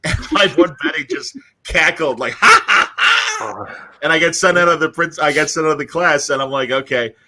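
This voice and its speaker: A man's voice: fairly high pitch, brisk. A man co-hosting a casual podcast, telling a school story and acting out the people in it. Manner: animated storyteller acting out quoted voices. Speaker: podcast co-host.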